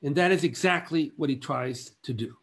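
A man giving an illustrated art history lecture in measured, halting phrases broken by long pauses. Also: on the high side, gravelly, a bit bright.

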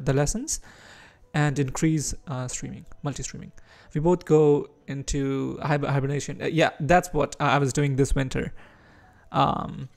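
A man's voice: a little high, gravelly, a little mellow. A man from India with an Indian English accent mixed with American and British touches, chatting casually while streaming chess and reacting to his moves.

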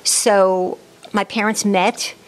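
A Bronx-raised woman in her seventies who was born in Germany tells her life story unhurriedly as an interview guest. She takes it slowly, in a medium-pitched voice with a level tone.

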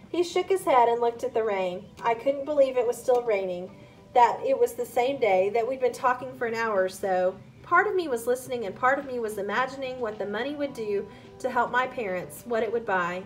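A woman's voice: on the high side, animated, fairly quick, faint music behind, poor audio. A woman reading a chapter book aloud, narrating steadily in the first person. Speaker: reader. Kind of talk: storybook read-aloud.

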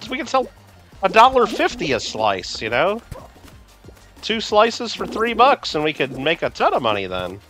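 A man's voice: on the high side, sharp tone. A man hosting a game livestream, rambling casually and answering viewers by name. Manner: rambling, chatty, talks to chat by name. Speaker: livestream host. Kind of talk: casual gameplay livestream chat.

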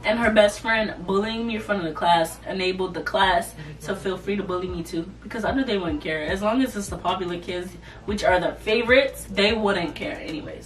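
A young woman casually telling a storytime vlog, animated and loose, slipping into mocking voices. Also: medium pitch. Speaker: vlogger. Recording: voice a bit far from the mic, soft music behind.

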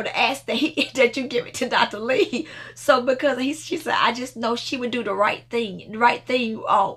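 Gravelly-voiced woman minister telling a story. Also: high-pitched, a bit bright. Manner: rambling storytelling with frequent restarts and laughter. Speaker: minister leading a prayer video. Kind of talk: informal devotional talk.

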